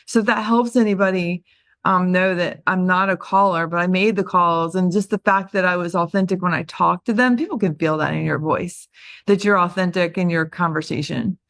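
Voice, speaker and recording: A woman's voice: on the low side, fairly even intonation, normal speed, a bit bright, no room sound. Older woman host, talkative and self-deprecating, everyday register, dry close recording. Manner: chatty, self-deprecating, laughs at herself. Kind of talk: casual motivational talk on a group call.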